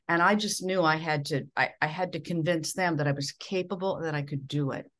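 A woman's voice: deep voice, a little fast, fairly bright tone. A middle-aged woman from Minnesota, a veteran television newscaster, telling stories from her career in an earnest way. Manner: earnest, with frequent restarts and quoted dialogue. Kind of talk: reflective storytelling in an interview.

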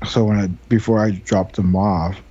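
A man's voice: fairly low pitch, little pitch movement, moderate pace, warm tone, breathy edge, dry recording. A man hosting a podcast, telling rambling stories casually, laughing often and swearing freely. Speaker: podcast host. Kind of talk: casual chat. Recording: dull lo-fi sound.

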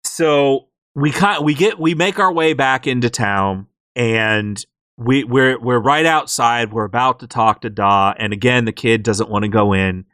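A young man on a podcast, telling a game story in an animated way and jumping into character voices, in a dry close recording. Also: mid-range voice, a little slow, clear, resonant tone, dry recording. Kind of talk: casual game recap chat.

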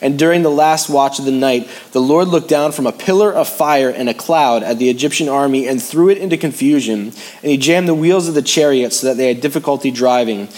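A man preaching a sermon in a conversational way, repeating phrases for emphasis and moving between raised, urgent lines and hushed, low ones. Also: fairly quick, hardly any pauses. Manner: conversational preaching with sudden rises and hushed drops. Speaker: pastor.

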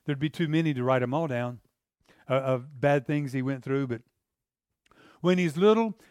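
A man's voice: medium pitch, moderate pace, a little mellow, smooth, no room sound, clean studio sound. A middle-aged man preaching a sermon in an earnest, conversational way, often repeating words as he goes.

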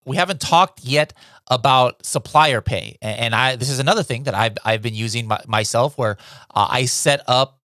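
A man hosts a podcast in a relaxed, chatty way and asks questions with plenty of filler words. His voice sits at a middle pitch. The sound is dry and close to the mic. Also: normal speed, no room sound. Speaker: podcast host. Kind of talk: casual podcast conversation.

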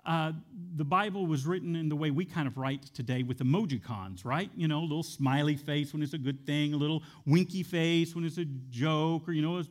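A man preaching a sermon, animated, repeating phrases with shifting emphasis. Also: on the high side, a little fast, few pauses. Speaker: pastor.

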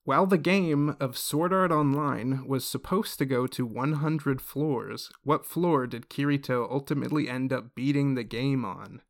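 A man running a casual quiz among friends on a podcast, playful and quick to laugh. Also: mid-range voice. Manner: playful, laughs between questions. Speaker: quiz host.

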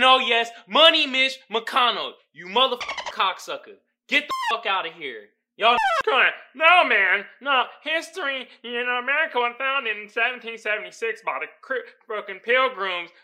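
A young man hosting a podcast, giving casual, profane, animated commentary straight to his listeners. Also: very high-pitched. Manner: animated, loud, swearing, talking straight to listeners. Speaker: podcast host.

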